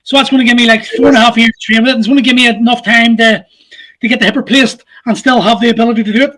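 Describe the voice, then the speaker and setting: A man's voice: extremely high pitch, fairly even intonation, very fast, pushed and bright. A man in his forties, the podcast host, chatting casually and candidly, swearing freely and laughing often. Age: 40s. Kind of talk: casual chat.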